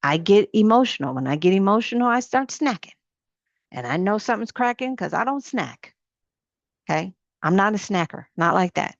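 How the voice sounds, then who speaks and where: A middle-aged woman ministry coach giving an informal sermon to women, animated and building through repeated questions. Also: medium pitch, normal speed, dry recording, muffled recording.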